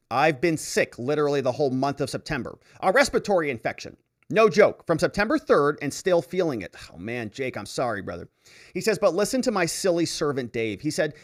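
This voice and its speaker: Lively, chatty male livestream host. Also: on the high side. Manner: chatty, reads comments aloud with asides and laughs. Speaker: host reading viewer comments. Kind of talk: casual livestream chat.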